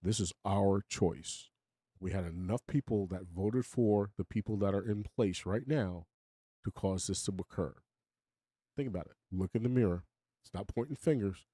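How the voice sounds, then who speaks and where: Older guy rambling on his stream, kinda low voice, opinionated, dry mic. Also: normal speed, mellow, breathy edge, no echo. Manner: rambling, opinionated, chuckles often, talks to chat. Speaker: live stream host. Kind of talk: casual live-stream monologue.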